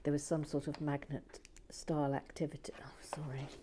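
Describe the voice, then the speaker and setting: Low-voiced woman, dry and teasing. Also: flat delivery, a little fast, slight background noise. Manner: dry, teasing, drops into soft whispers. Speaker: vlog host. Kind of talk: casual chat while building and reading comments. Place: shed.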